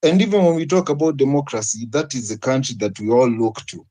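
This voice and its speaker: A Kenyan-accented man argues his point in a panel debate. His tone is mellow and warm, and he is earnest and argumentative, leaning on rhetorical questions. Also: medium pitch, quick pace, low-quality recording. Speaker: debate participant.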